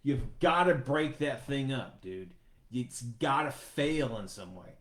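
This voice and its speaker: A man's voice: medium pitch, expressive, slow, fairly bright tone. Rambling, profane man in an echoey room. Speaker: podcast host. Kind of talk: casual chat.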